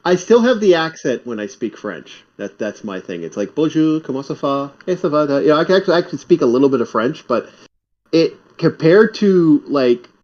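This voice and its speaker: A man's voice: fairly high pitch, big pitch swings, normal speed, a little mellow. A talkative man from Canada, chatting animatedly and often repeating his words. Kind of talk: casual chat. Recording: slightly muffled audio.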